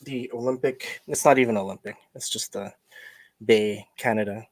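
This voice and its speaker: A man's voice: lowish voice, fairly even intonation, moderate pace, dry recording. A man hosting a casual livestreamed podcast, chatting and joking, greeting viewers with plenty of fillers. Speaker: podcast host.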